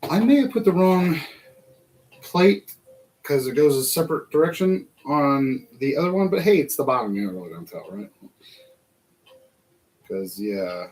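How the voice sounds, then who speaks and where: A man's voice: fairly high pitch, sing-song, moderate pace, pauses often, a little mellow, low-quality recording. A man hosting a casual build-along vlog, chatting to himself and laughing through his stories. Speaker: vlog host building a model kit.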